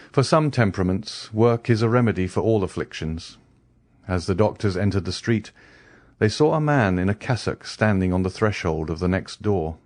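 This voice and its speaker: A man reads a classic novel aloud in a measured, even manner. His voice is low. The recording is dry and close. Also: no room sound. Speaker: audiobook narrator. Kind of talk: scripted narration.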